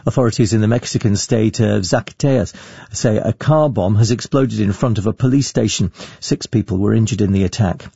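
A man reading a radio news bulletin in a measured, formal way. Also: fairly low pitch, creaky, warm tone, slightly rough, no echo, lo-fi sound. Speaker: newsreader.

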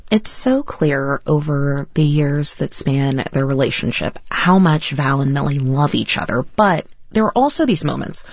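A woman's voice: deep voice, animated, measured pace, hardly any pauses, slightly rough, dry recording. A woman hosting a radio news program, reading a scripted introduction and asking an author thoughtful questions. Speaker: radio show host. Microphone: studio mic, dry. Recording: slightly dull lo-fi broadcast sound.

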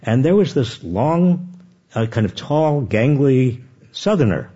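An older man talks with a husky edge and swinging pitch. He tells self-deprecating stories with many restarts. The recording sounds dull and lo-fi. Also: takes it slowly. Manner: animated, self-deprecating anecdotes with frequent restarts. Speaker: guest author. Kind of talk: conversational storytelling.

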